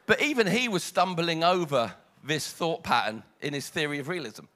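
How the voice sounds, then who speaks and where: A British man preaching a sermon, dramatic, dropping to hushed lines and rising loud. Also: on the high side, sing-song, normal speed.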